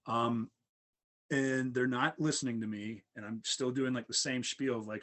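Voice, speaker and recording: A man's voice: mid-range voice, normal speed, fairly bright tone. Rambling man telling a story. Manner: rambling, many fillers. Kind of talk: casual storytelling.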